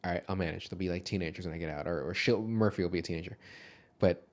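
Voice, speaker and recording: A man co-hosting a casual movie podcast, talking loosely and profanely, laughing often and dropping to a low mutter over his notes. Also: racing, darkish tone. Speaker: podcast co-host.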